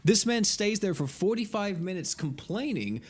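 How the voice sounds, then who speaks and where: A man's voice: high voice, big pitch swings, moderate pace, slightly rough. Exasperated young American man ranting. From United States. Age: 20s. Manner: exasperated, swears freely, laughs through his stories. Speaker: game streamer. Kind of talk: casual storytelling chat while gaming.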